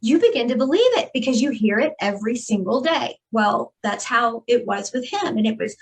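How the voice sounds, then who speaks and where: A woman's voice: on the high side, sing-song, moderate pace, poor audio. A woman giving a candid, earnest personal testimony as a guest in an interview, with frequent fillers.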